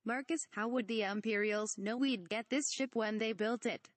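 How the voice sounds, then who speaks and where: A woman's voice: a little high, moderate pace, no echo, natural voice. A woman reading the part of a young, earnest male rebel in a parody script, matter-of-fact in tone. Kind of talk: read-aloud parody script.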